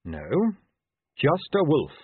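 Male reader plays a blunt young werewolf woman, dry and sarcastic; tinny, husky lo-fi take. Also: medium pitch, huge pitch swings, slow, no echo, voice pushed up, exaggerated voice. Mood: sardonic.

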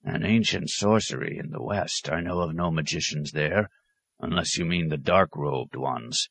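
A man voicing an old male tribal shaman who speaks in a hushed, musing way. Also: a bass voice, moderate pace, vocal fry, slightly rough, no room sound, exaggerated voice. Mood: wary.

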